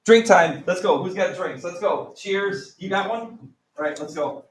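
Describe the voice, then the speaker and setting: A man's voice: sits high, expressive, measured pace, a little hiss or hum, low-quality recording. A man teaching a math class, joking around and quizzing students with countdowns. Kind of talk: classroom lesson.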